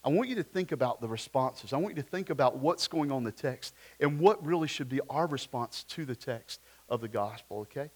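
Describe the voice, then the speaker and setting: A man's voice: mid-range voice, expressive, a little fast, hardly any pauses. A man, preaching a sermon at a church service in a conversational way, full of rhetorical questions and personal stories. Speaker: pastor.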